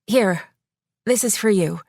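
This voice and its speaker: A woman's voice: medium pitch, unhurried, vocal fry, darkish tone, no echo. A woman voicing a polite, overwhelmed neighbor who apologizes and offers coffee, in a dry audiobook reading. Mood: apologetic. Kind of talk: audiobook character voice.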